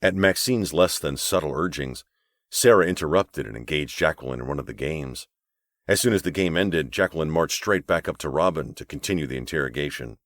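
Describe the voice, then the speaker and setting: Deep-voiced male audiobook narrator. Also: a little fast, no room sound, studio quality. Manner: expressive storytelling. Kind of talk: scripted narration.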